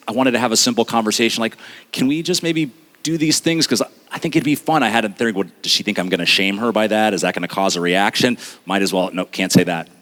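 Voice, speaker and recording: Man, low deep voice, storytelling talk, earnest, dramatic pauses, stage event. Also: fairly bright tone. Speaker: speaker.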